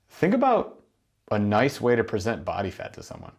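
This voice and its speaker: A man with a lowish, darkish voice and wildly swooping pitch speaks at a moderate pace. He's a business mentor coaching gym owners in an instructional monologue, emphatic and packed with rhetorical questions and acted-out exchanges.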